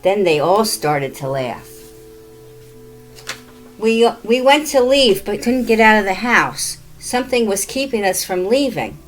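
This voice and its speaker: A woman reading her own first-person ghost story aloud in a plain, steady way. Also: medium pitch, unhurried, soft background music, poor audio. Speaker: author and narrator.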